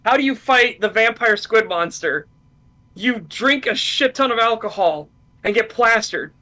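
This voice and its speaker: A man hosting a casual podcast chat, retelling things in an excited, profane way. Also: sits high, unhurried. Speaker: streamer host.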